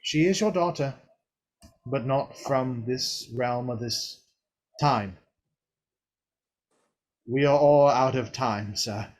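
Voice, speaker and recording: A man voicing a calm, earnest adventurer with dragon blood who speaks in a measured, pleading way. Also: mid-range voice, close to an everyday voice.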